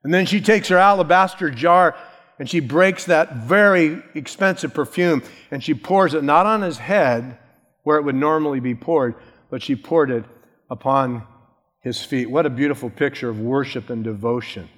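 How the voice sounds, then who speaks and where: A man's voice: fairly high pitch, moderate pace, fairly bright tone. Man preaching in an echoing hall. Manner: conversational, storytelling with asides. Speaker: pastor. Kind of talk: sermon.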